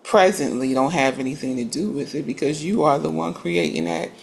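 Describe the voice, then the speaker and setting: A woman's voice: low-pitched, a little fast, gravelly, a little mellow, a little hiss or hum. A woman in a casual group discussion, making earnest points and building up to them with emphasis.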